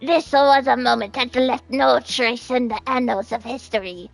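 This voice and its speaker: A woman voicing a solemn male cactus warrior who chronicles events, in a slow, odd storytelling voice while playing a game on stream. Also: on the high side, fairly even intonation, creaky, faint music behind, poor audio.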